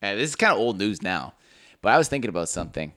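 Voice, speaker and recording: A man's voice: lowish voice, sing-song, quick pace, fairly bright tone, dry recording, studio quality. A young man co-hosting a podcast, bantering in an emphatic way and swearing casually. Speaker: podcast co-host. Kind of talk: casual chat.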